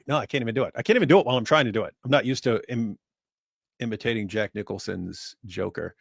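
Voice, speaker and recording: A man co-hosting a casual livestream, talking in a deadpan, ironic way. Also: fairly low pitch, fast, gravelly, breathy edge, no echo, studio quality. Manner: deadpan, ironic, tries impressions. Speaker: livestream co-host.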